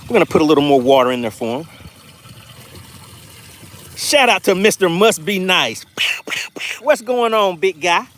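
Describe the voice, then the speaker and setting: Man, fishing stream host, excitable, playful, reads chat aloud, outdoors on a lake boat, high lively voice. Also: normal speed, pauses often, slight background noise. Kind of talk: live-stream fishing commentary.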